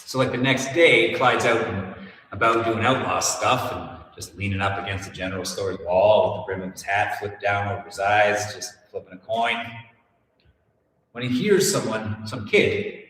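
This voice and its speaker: A man's voice: lowish voice, steady tone, moderate pace, fairly bright tone. A male host telling a story in a joking, irreverent way, swearing now and then. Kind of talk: comedic storytelling. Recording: echoey room from far off.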